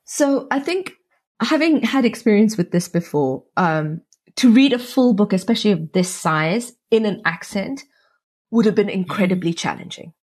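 Husky, chatty woman actress. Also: medium pitch, normal speed. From South Africa. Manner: animated, chatty, with many restarts and "like". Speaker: audiobook narrator and actress. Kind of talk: conversational interview.

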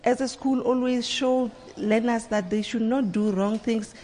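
A woman's voice: on the high side, steady tone, unhurried, warm tone. A woman teacher answering earnestly on a panel, repeating words to stress her points. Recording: reverberant room with faint noise.

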